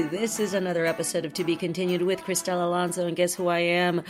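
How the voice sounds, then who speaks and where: A woman's voice: fairly low pitch, level tone, fast, hardly any pauses, over music. A woman hosting a podcast, talking in a chatty, rambling, self-deprecating way. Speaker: podcast host. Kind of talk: casual chat monologue.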